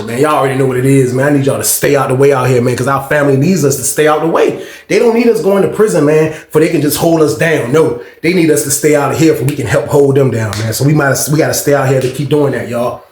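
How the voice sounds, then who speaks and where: High-voiced man telling a prison story. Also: fast talker, few pauses, a little hiss or hum. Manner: animated, profane street slang. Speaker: vlogger, storyteller. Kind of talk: casual storytime monologue. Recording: echoey room.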